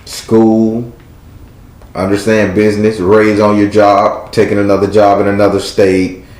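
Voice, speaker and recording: Man doing tarot readings live, deep-ish voice, preachy, lots of echo. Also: monotone, a little slow, a little mellow. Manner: blunt, preachy, emphatic. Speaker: tarot reader and host.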